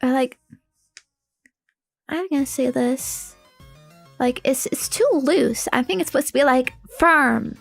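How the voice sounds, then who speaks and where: Young woman, high voice, vocal fry, rambling casual chat, soft music behind. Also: slow, long pauses. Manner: rambling, loose, lots of "like" fillers and laughs. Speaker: streamer. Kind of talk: casual chat while building a model kit.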